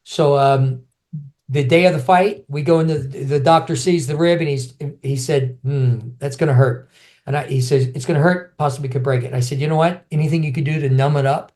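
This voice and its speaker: Animated middle-aged man telling fight stories. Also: on the high side, brisk. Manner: animated, restarts often, acts out friends' voices. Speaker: guest, former champion kickboxer. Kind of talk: casual storytelling interview.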